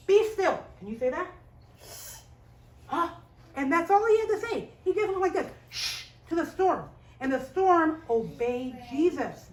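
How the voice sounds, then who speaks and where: A young woman telling a Bible story to a children's class, animated and asking the children questions. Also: sits high. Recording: echoey room, voice from a distance, faint hiss. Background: children's group.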